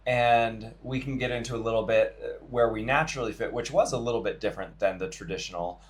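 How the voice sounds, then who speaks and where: A middle-aged man co-hosting a podcast, speaking in a relaxed, conversational way with many fillers. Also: medium pitch, fast talker. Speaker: podcast co-host. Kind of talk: casual chat.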